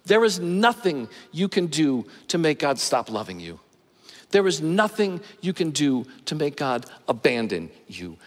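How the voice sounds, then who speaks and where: Middle-aged man, pastor, preaching with deliberate pauses; slightly high voice in a reverberant hall. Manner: measured preaching with slow, emphatic pauses. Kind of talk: sermon.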